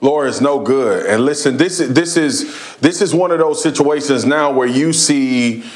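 A man's voice: mid-range voice, moderate pace. A man talking as a studio sports analyst, playfully melodramatic and conversational.

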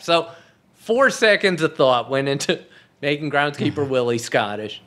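Bright wry man telling stories. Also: a little high, moderate pace. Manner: wry, laughs at own punchlines. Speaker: TV comedy writer, podcast guest. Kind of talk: anecdotal storytelling.

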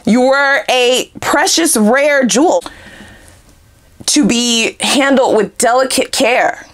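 A woman giving a casual tarot reading, animated and profane, often breaking into laughter. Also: high voice, slow. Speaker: tarot reader.

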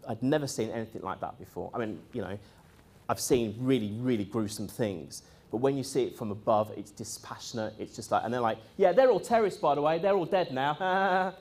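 A man telling a long story in a casual, rambling way, full of fillers and acted-out quotes. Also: mid-range voice. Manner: rambling, lively, quotes others in voices, frequent fillers. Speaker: speaker recounting experiences.

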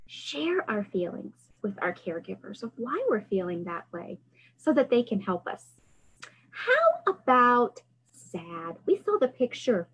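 A woman's voice: fairly high pitch, slightly rough, muffled recording. A woman hosting a library storytime, singing action songs and coaching young children through gestures. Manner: cheerful, sing-song, coaching kids through motions.

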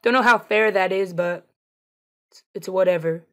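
A woman giving casual, excitable commentary over her own shooter gameplay, taunting opponents as she plays. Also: medium pitch, fairly quick. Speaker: gameplay streamer.

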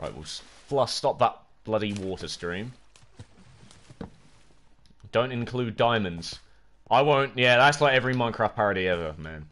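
A man's voice: on the low side, moderate pace. A young man streaming a video game live, chatting to his viewers and yelping when something startles him. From United Kingdom. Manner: excitable, jokey, talks to chat, yelps when startled. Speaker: gaming livestreamer. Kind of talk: casual live gameplay commentary.

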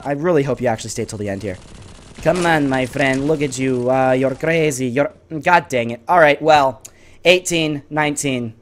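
A gaming YouTuber giving live gameplay commentary, excitable and swinging between frustrated outbursts and low muttering. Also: male voice, brisk.

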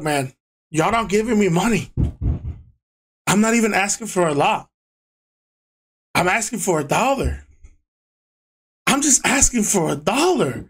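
A young man telling a story in a casual rant, animated and exasperated, swearing a lot and slipping into the voices of the people he quotes. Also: sits high. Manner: flips into other people's voices when quoting them. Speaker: YouTuber.

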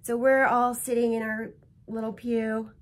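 Chatty woman with a bright voice. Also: fairly high pitch, level tone, a little slow. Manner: chatty, rambling, emotional. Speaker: flosstube host. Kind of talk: casual show-and-tell chat.

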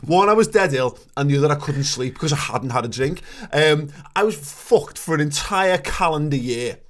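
A man's voice: on the high side, lively intonation, normal speed, a bit bright. A man, co-hosting a podcast in casual chat, ranting and swearing with many restarts. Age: 30s. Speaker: podcast co-host.

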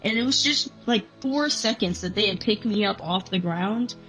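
A woman's voice: medium pitch, expressive, normal speed, fairly bright tone, low-quality recording. Young woman telling her story, casual. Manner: casual, many fillers, quoting her own thoughts. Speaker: interview guest. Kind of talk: personal story told on camera. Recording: faint music bed underneath.

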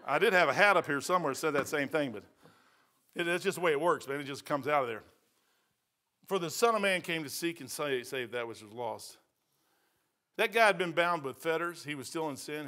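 High, bright-voiced folksy pastor man. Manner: folksy storytelling, says "man" a lot, swings from loud to quiet. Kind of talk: sermon. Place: church sanctuary.

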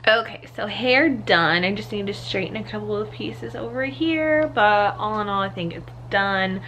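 A young woman vlogger talks casually to her handheld camera at home in a medium-pitched, slightly bright voice at a moderate pace, with a little hiss or hum. Her chat rambles, is full of "like"s, and she's out of breath at times.

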